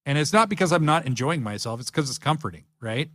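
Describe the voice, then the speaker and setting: Chatty, slightly high-voiced male podcaster. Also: lively intonation, fast talker, fairly bright tone, no room sound. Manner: enthusiastic, rambling with fillers. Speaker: podcast host. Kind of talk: casual chat.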